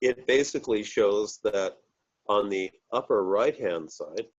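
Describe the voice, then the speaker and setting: Slow, halting man explaining fluid vortices. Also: fairly low pitch, lo-fi sound. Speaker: research group member presenting. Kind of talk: explaining over a video call screen share. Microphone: computer mic on a video call.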